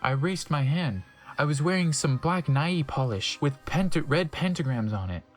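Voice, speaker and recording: Lively comic reader of fan fiction. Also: moderate pace, soft background music. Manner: deadpan asides in a lowered voice. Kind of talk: comic dramatic reading.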